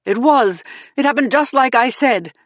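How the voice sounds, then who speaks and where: A woman's voice: sits high, normal speed, dry recording, pitched above the performer's own voice. A woman reading the part of a slick, defensive male murder suspect who sputters and pleads in a raised voice. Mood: pleading.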